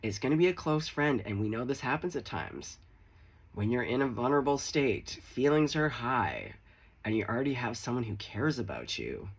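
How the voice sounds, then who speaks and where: Lively, gravelly-voiced man reading tarot. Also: mid-range voice, moderate pace. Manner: chatty, swearing, playful asides. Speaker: tarot reader. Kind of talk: casual tarot reading to camera.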